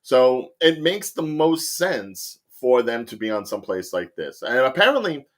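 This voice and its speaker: A man's voice: mid-range voice, sing-song, unhurried. A man hosting a casual podcast chat, rambling through his points with many fillers. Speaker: host.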